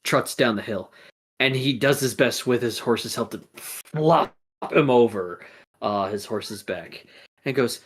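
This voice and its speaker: A woman narrating a tabletop game as game master, casual and animated. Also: extremely low pitch, unhurried, slightly rough.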